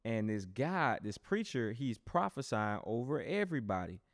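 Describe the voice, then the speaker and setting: A young adult man hosting a podcast and telling a personal testimony in a loose, animated, conversational way, often speaking straight to his listeners. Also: mid-range voice, normal speed, no room sound, clean studio sound. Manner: animated storyteller who talks straight to listeners; loose and conversational, with frequent restarts. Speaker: podcast host.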